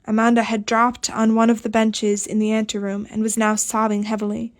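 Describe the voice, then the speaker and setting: A woman narrating an audiobook in a measured, even reading. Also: fairly high pitch. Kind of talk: scripted narration.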